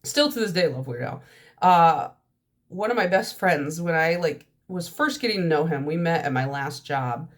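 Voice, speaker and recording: Young woman vlogger, congested and nasal, lower-pitched, stream-of-consciousness casual chat. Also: lively intonation, moderate pace. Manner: chatty stream-of-consciousness talk. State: stuffy nose, nasal from allergies. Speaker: nail polish vlogger.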